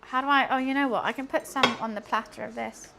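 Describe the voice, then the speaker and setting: Over a noisy background, a young woman with a high, creaky voice talks quickly in a steady tone. A streamer, she cleans and cooks in her home kitchen, chatting casually, rambling and humming along to herself.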